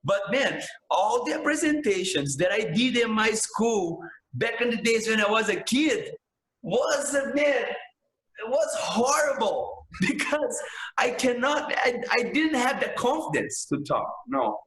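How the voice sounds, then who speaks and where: A man's voice: very high-pitched, very animated, measured pace, fairly bright tone, reverberant, low-quality recording. A man, a jiu-jitsu instructor talking passionately in a casual podcast interview, filling his speech with "man" and "bro".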